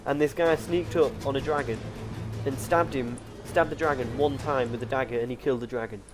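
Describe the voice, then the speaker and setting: A man's voice: medium pitch, fairly quick, music in the background. A young man co-hosting a casual gaming chat, rambling through stories with lots of restarts and "like". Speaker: co-host.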